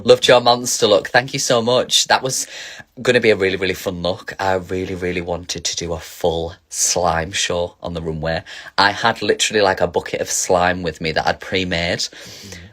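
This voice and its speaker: A man's voice: low-pitched, fairly bright tone. A man casually chatting on a phone livestream as a drag performer, reading viewer questions aloud and answering with camp, giggly energy.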